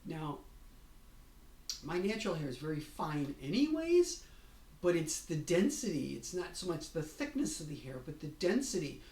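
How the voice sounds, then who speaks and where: A woman's voice: low voice, sing-song, moderate pace, warm tone. A middle-aged woman vlogger chatting about her week, gushing and restarting her sentences as she tells stories. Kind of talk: casual personal update. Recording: roomy, distant mic, faint room noise.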